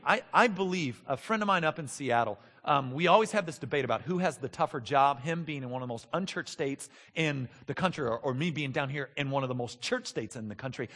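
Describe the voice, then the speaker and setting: A man in his thirties preaching a sermon as pastor, moving between soft, intimate talk and loud, emphatic passages. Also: a little high, animated, brisk, in a large hall.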